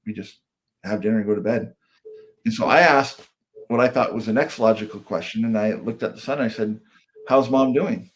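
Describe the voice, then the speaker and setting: A man's voice: on the low side, fairly quick, husky. A middle-aged man, a comedian and speaker, telling an earnest personal story as a guest on a podcast.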